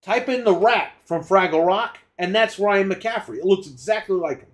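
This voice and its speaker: In a heated, profanity-laced rant, a man co-hosts a casual gaming podcast. His voice is high and animated, and he talks at a normal speed.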